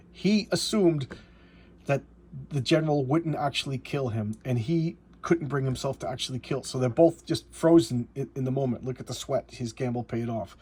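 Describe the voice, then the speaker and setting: A man hosting a comic book channel, retelling a story in a halting, emotional way and often repeating words. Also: medium pitch, a little mellow, a little hiss or hum.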